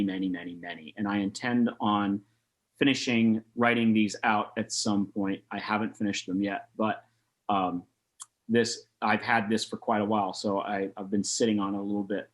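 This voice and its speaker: A man in his thirties teaches jazz rhythm in an easygoing, chatty way over a video call, at a middle pitch. He talks loosely, with plenty of fillers, and scats rhythms aloud to show them. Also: a bit bright. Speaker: jazz saxophone clinician. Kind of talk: online master class talk.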